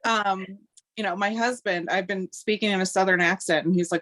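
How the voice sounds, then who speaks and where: A woman stage actor telling wry, animated stories in a casual interview. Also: mid-range voice, a little fast, no echo.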